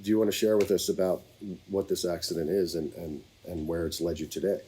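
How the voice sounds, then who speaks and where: A man hosting a podcast, calmly asking a guest questions. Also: low voice, brisk, breathy edge. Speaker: podcast host. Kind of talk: casual interview questions.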